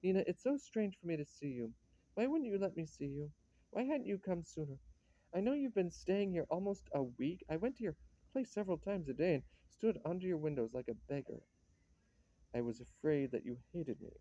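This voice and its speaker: A man's voice: a little high, lively intonation, fairly quick, warm tone, no echo, highs cut off, close to an everyday voice. A man reading a play, voicing a lovesick young writer who stammers and pleads. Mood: yearning. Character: lovesick young male writer, anguished and bitter.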